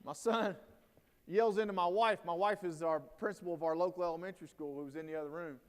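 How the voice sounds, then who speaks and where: High-voiced man in an echoing hall. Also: fast talker. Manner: storytelling, animated, acts out quotes. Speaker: keynote speaker at a teacher training day. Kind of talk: conference talk to educators. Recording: long hall reverb.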